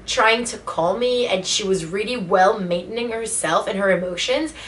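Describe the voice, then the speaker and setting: A woman's voice: medium pitch, moderate pace, a bit bright, slight background noise. Emotional woman telling a vlog story. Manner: emotional retelling, many fillers. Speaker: vlogger.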